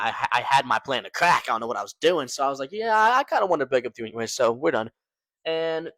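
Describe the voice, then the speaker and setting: A man's voice: mid-range voice, pushed and bright, no room sound. A young man casually telling a personal story to his viewers, slangy and loose, tossing in "man" and "right?" as he goes. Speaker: storytelling vlogger.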